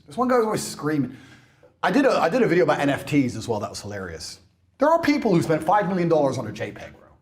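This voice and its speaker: A man in a heated interview, ranting in a brash, mocking way, swinging between loud outbursts and low mutters. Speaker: interview guest. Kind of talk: heated rant.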